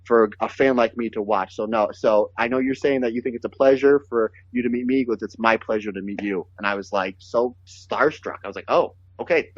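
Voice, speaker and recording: A man telling long, animated stories from his career, acting out what others said to him. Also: on the low side, fairly quick, hardly any pauses, no echo, highs cut off. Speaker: guest, pro wrestler. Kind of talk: casual storytelling.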